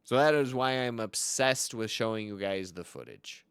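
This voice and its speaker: A man giving comedic card-game commentary, boastful and theatrical, swinging between loud outbursts and low mutters. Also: normal speed, clean tone, dry recording.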